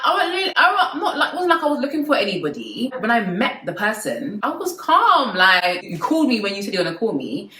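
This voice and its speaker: A young woman giving relationship advice to her viewers in a lively, preachy way with playful asides. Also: lowish voice, roomy sound, rough recording. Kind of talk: casual advice talk to camera.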